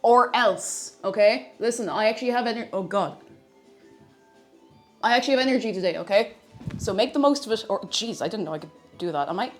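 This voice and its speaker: A young woman streaming from home, chatting brightly with her viewers and greeting them by name. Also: medium pitch, a little fast, long pauses, soft background music. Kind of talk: casual live-stream chat.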